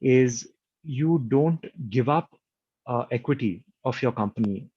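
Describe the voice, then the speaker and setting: A man's voice: mid-range voice, a little slow, slightly rough. A man, a company founder, explaining a business framework in an interview and firing off long strings of rhetorical questions. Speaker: entrepreneur guest. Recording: dull, muffled lo-fi sound.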